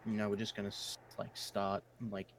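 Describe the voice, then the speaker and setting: Male player, low voice, quick offhand chat, faint background noise. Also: completely flat delivery. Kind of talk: casual chat on a voice call.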